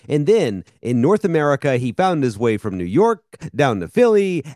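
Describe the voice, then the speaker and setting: A man co-hosting a podcast, telling wry stories with plenty of swearing. His pitch swings widely as he talks. The sound is dry and close, with no room around it. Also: darkish tone, no echo. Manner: wry, profane storytelling. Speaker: podcast co-host. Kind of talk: casual chat.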